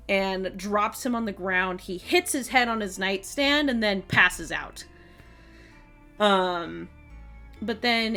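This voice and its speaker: A woman game master narrates the scene slowly at a middle pitch, with lots of "like" and "um" as she describes the action. Faint music plays underneath her voice. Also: a bit bright. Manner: descriptive, full of fillers like "like" and "um".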